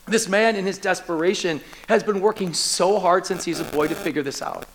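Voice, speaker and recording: A man's voice: sits high, fairly quick, few pauses, slight background noise, poor audio. A middle-aged man preaching a sermon as lead pastor, acting out scripture scenes with urgency. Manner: animated, acts out scripture scenes with pleading urgency.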